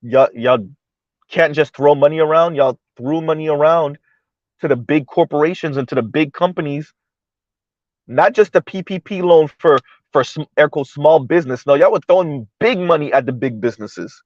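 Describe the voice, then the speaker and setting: A man's voice: a little high, moderate pace, no room sound, lo-fi sound. A man hosting a livestream of political commentary, talking emphatically and checking in with the audience by asking "right?" again and again. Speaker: livestream host.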